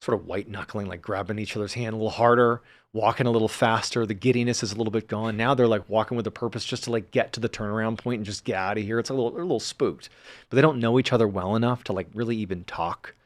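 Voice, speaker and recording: A man, a podcast guest, telling a story in a relaxed, casual way, filling his talk with fillers as he builds suspense. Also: on the low side, quick pace, dry recording.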